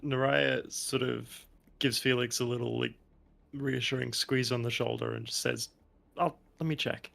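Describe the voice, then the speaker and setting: A man's voice: medium pitch, flat delivery, moderate pace, creaky, a bit bright. A man playing a tabletop game, chatting in an easygoing, hesitant way. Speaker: player. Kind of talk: casual chat, tabletop game.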